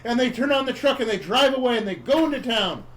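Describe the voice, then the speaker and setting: A man hosting a podcast, casually retelling a movie plot in a rambling, animated way and acting out the characters' lines. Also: extremely high pitch, fast talker, a little hiss or hum. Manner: rambling, animated storyteller who acts out quotes. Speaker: podcast host.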